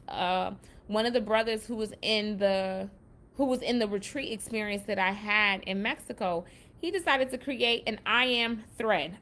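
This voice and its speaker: Her voice is on the high side and fairly bright as she hosts a relaxed self-help session with a spiritual bent. Chatty and loose, she stresses the affirmations she reads aloud and drops "baby" and "y'all."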